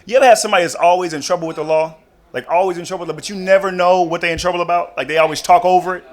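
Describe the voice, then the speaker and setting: A man's voice: sits high, rapid-fire. A young man performing a chatty stand-up comedy routine on a club stage. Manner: animated, chatty, many "you know what I mean".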